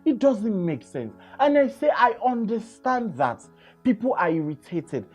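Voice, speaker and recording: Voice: medium pitch, sing-song, a little slow, darkish tone, slightly rough, soft background music. A Nigerian radio host with a Nigerian accent, delivering an emphatic opinion monologue and repeating phrases for stress.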